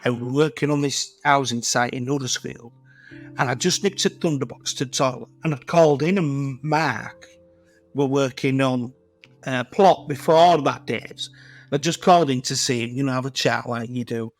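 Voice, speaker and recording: On a casual podcast, a guest who works as a tiler, a middle-aged man from Leeds, England, with a Yorkshire accent, spins blunt, rambling anecdotes packed with swearing. He speaks at a moderate pace in a mid-range voice, with soft background music.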